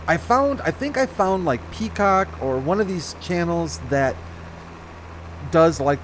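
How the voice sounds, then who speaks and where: A man's voice: a little high, a little hiss or hum. A man chatting casually over his farming game, rambling and correcting himself as he goes. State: slight hiccups. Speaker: gaming channel host. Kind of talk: casual let's-play commentary.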